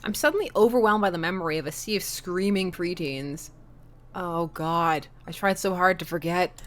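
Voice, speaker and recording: A woman's voice: on the low side, moderate pace, natural voice. A woman voicing a sarcastic teenage daughter who teases her father, in a dry mocking tone, while reading a dating game aloud. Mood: teasing.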